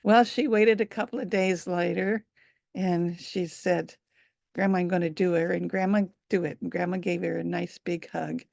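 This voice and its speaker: A woman storyteller telling a folk tale at a live event, unhurried, with fillers and asides. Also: fairly low pitch, steady tone, creaky, a little mellow, no room sound, studio quality.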